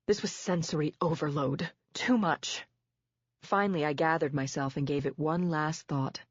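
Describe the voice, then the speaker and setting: A woman narrating a first-person psychological thriller audiobook in a measured, steady way. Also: low-pitched, husky, no room sound. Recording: dull, dry lo-fi recording.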